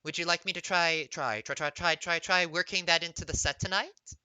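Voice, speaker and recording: A man's voice: a little high, fairly even intonation, brisk, sharp tone, clear, resonant tone, no room sound, poor audio. A man voicing a flirty female bird-person bard who repeats and stutters words like a mimic. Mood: coy.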